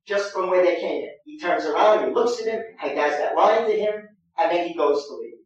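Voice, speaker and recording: A man's voice: high-pitched, brisk. A man teaching an acting master class, giving directions and demonstrating lines aloud. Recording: echoey room, distant mic, dull sound.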